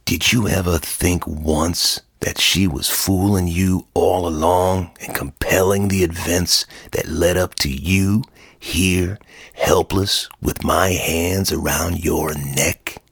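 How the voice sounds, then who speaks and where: A man voicing a tough, mocking Italian pool hustler with a slow, taunting drawl. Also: low voice, animated, gravelly, fairly bright tone, husky, dry recording, exaggerated voice. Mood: menacing.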